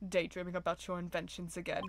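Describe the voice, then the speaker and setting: A woman voicing a polite, fussy male butler in a game, with formal, measured speech over noisy, clicky stream audio. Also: lowish voice, completely flat delivery, natural voice. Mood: formal courteous.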